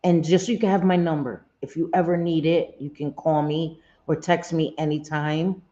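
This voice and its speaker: A woman's voice: low voice, steady tone, normal speed, dark tone, dull audio. A woman hosting a casual livestream, talking straight to her viewers, often repeating herself and saying "um". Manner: repeats phrases, many "um" fillers, speaks straight to viewers. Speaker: livestream host.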